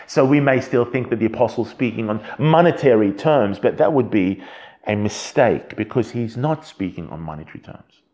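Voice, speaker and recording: Guy preaching a bible sermon, earnest and emphatic, mid pitch, keeps restarting his phrases. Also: darkish tone. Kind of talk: expository sermon.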